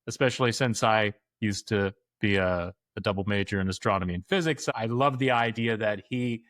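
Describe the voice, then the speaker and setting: A man co-hosting a podcast in casual chat, enthusiastic and quick to laugh. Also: lowish voice, fairly bright tone, dry recording, studio quality. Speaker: podcast co-host.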